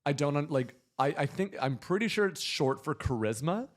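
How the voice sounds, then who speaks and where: A man co-hosting a podcast, joking in an animated way in casual chat and swearing casually. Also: fairly high pitch, normal speed. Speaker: podcast co-host.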